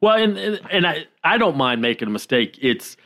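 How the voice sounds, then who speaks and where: A man co-hosting a podcast, telling a story in a relaxed way with many pauses and self-deprecating laughs. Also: on the high side. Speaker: podcast co-host. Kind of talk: casual chat.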